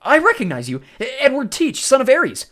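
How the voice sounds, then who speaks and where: A man's voice: extremely high pitch, wildly swooping pitch, moderate pace, pitched above the performer's own voice, full character voice. A man voicing a fierce teenage girl. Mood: defiant. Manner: sharp, defiant, urgent. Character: fierce, quick-witted teenage girl warrior. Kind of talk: storybook reading.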